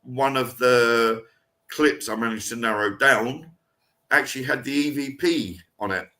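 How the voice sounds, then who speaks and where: A man's voice: medium pitch, unhurried, sharp tone. A man co-hosting a paranormal podcast in casual, rambling chat. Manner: rambling, chatty, with restarts. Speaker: podcast co-host.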